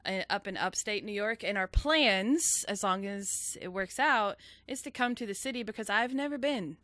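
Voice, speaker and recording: A woman's voice: medium pitch, expressive, normal speed, a bit bright, no room sound. A woman hosting a podcast, asking questions in an upbeat, casual interview chat and laughing often. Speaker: podcast host.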